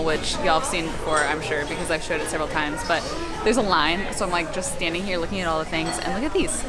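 A young woman, chatting casually to camera in a vlog, upbeat and full of "like"s. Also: on the low side. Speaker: vlogger.

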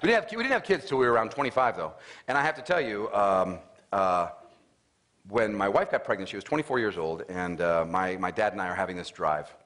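A man's voice: lowish voice, a little fast. A middle-aged man, a motivational speaker, telling a family story to an audience and acting out the dialogue with humor. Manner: animated storyteller, acts out his father's lines with raised voice.

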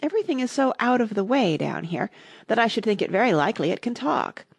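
A woman's voice: a little high, sing-song, vocal fry, husky, no room sound, voice pushed up, exaggerated voice. A woman voicing a polite, curious young girl who talks eagerly and rambles. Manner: eager, rambling, quick to apologize.

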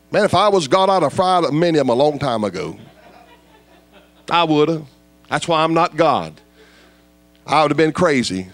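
A man preaching a fiery evangelistic sermon, dropping to low intensity then rising to loud, high shouts.

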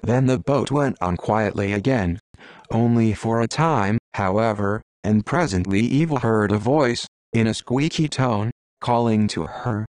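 A man narrating a storybook in a steady, measured reading. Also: lowish voice, no room sound. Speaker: audiobook narrator.

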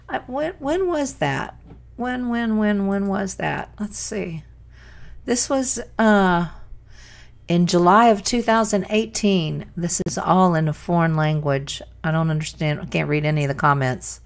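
A woman's voice: on the low side, unhurried, creaky. A woman hosting a reaction channel, exclaiming in amazement and stumbling over restarts as she talks into her microphone. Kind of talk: casual reaction commentary. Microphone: desk microphone.

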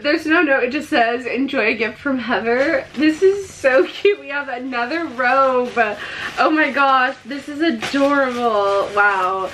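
A young woman with a high, bright-sounding voice talks slowly through a casual haul vlog, gushing and emotional, peppering her speech with "like." A faint hiss of room noise sits under her voice. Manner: gushing, emotional, frequent "like" fillers. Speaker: vlogger.

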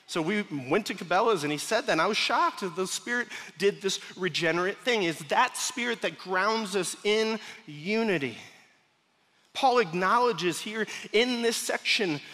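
A man's voice: high voice, moderate pace, pushed and bright. A male pastor preaching a sermon in a large church, conversational and given to joking asides to the congregation. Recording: long hall reverb. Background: congregation laughing at times.

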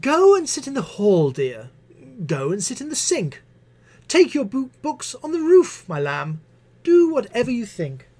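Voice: mid-range voice, wildly swooping pitch, a little slow, darkish tone, voice pushed up. A reader plays a harried schoolteacher who waves off every complaint with a sweet "dear" or "my lamb". The voice sits well above the reader's own and swoops up and down. The manner is breezy and dismissive. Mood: breezily dismissive. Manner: breezy, dismissive, singsong endearments. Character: harried female schoolteacher, fobbing children off.

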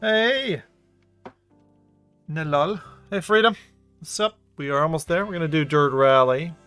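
An excitable man livestreams a VR racing game and chats with viewers in a loose, unscripted way, swearing freely and laughing often. His voice is bright and forward, and his pitch sits a touch high for a man. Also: measured pace, smooth, faint music behind. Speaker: VR gaming streamer. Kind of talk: casual live-stream commentary.

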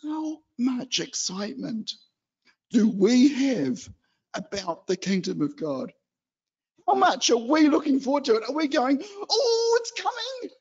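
A man from New Zealand giving an animated, chatty exhortation in a church hall. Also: very high voice, measured pace, vocal fry, husky, muffled recording. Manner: chatty and animated, acts out excited children. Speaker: lay preacher.

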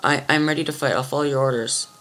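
A man's voice: medium pitch, steady tone, fast, a bit bright, faint music behind, natural voice. A man voicing a shy, timid young female knight who stammers and hesitates.

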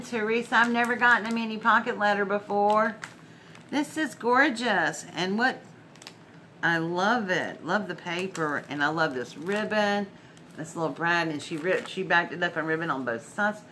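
A woman hosting a casual crafting vlog, gushing warmly and laughing as she opens mail. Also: on the low side, a little hiss or hum. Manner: effusive, gushing, laughs often. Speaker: crafting channel host.

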